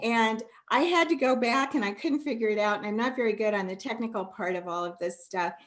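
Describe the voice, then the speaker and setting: A woman's voice: on the high side, brisk. A woman hosting a masterclass over a video call, talking affectionately and getting emotional, calling the listener sweetie and honey. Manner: warm, affectionate, tearful at times. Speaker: masterclass host. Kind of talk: live video call talk.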